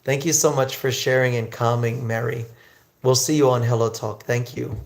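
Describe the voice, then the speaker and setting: A man teaching English on a livestream, chatting with viewers and slowly drilling pronunciation. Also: mid-range voice, level tone, creaky. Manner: slow, drawn-out pronunciation drills.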